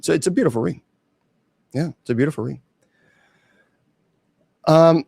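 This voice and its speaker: A man's voice: mid-range voice, normal speed, vocal fry, pauses often, darkish tone, slightly rough, no room sound, studio quality. A man who is a clergyman hosting his own show, talking casually and defiantly to viewers about online trolls. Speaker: host and clergyman. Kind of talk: casual livestream talk.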